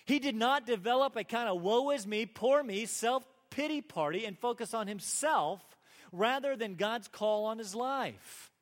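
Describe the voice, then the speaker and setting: A man preaching a sermon as pastor, earnest, rising to emphatic peaks and dropping to soft asides. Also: extremely high pitch, expressive, unhurried. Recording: long hall reverb.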